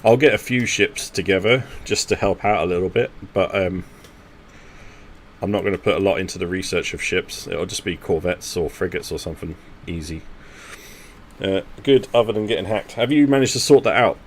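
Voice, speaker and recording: A man's voice: deep voice, moderate pace, a little hiss or hum. A man, chatting casually with teammates while live streaming a strategy game and thinking aloud. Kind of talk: casual gaming commentary talking to teammates.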